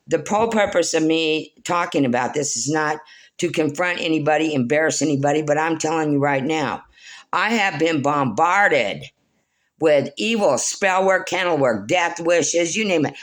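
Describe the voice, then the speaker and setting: A middle-aged woman rambling through a personal monologue to her viewers, blunt, scolding and preachy, calling them "folks.". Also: low voice. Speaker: spiritual vlogger.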